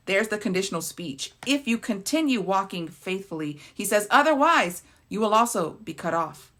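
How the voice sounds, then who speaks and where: A woman's voice: mid-range voice, expressive, normal speed, hardly any pauses, a bit bright. A woman leading a Bible study, reading scripture aloud and explaining it, often checking in with "right?". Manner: reads verses then explains them, often adds "right?".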